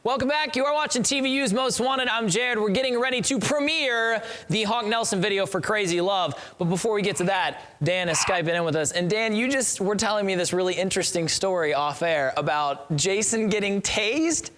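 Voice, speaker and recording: Excitable high-voiced male host. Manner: excitable, quick to laugh and joke. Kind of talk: lively casual interview banter.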